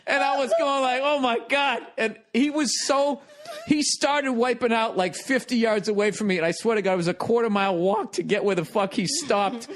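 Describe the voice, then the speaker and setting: A man telling a story on a podcast in an animated way. He laughs often, swears, and makes sound effects as he goes. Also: very high voice, moderate pace.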